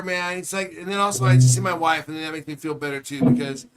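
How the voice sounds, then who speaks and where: A man's voice: fairly high pitch, fast, over loud music. A man chatting casually with live viewers, rambling and swearing freely in a laid-back way. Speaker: livestreamer. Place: large public train terminal.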